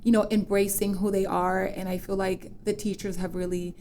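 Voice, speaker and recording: A woman in her thirties chatting as a podcast guest, telling animated stories and acting out the voices of people she quotes. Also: mid-range voice, normal speed, slight background noise. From United States, Dominican parents. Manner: animated storyteller, acts out quoted voices, laughs often. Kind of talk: casual interview chat.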